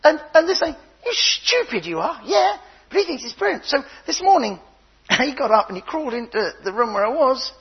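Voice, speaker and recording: Older man preaching, high husky voice, animated storytelling, slightly dull recording. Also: normal speed. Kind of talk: sermon.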